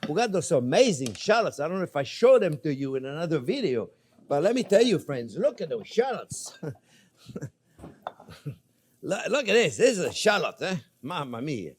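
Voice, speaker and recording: Older guy cooking on camera, chatty, voice bouncing all over. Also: on the high side. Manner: chatty, playful, addresses viewers as friends. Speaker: cooking show host. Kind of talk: casual cooking demonstration.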